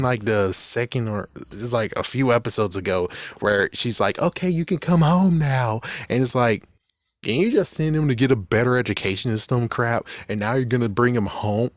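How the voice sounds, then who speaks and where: A man's voice: on the low side, no echo, studio quality. A man recapping a TV show in a casual, exasperated rant, swearing a lot and laughing often.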